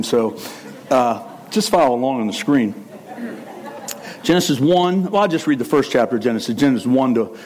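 Animated male pastor preaching. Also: mid-range voice. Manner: conversational, with asides and self-corrections. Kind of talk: sermon.

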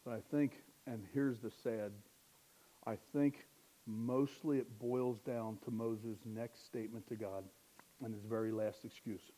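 A man's voice: mid-range voice, steady tone, unhurried, dark tone. Man preaching with conversational emphasis. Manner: conversational preaching with rhetorical questions and self-deprecating humor. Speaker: pastor. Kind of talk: sermon.

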